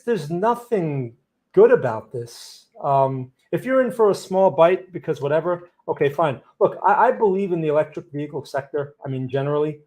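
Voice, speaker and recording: A blunt, cautionary American man talks through market setups on a live stream. His voice sits a bit high for a man, and he often stumbles and repeats words as he answers viewer questions. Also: a little mellow. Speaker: market analyst host.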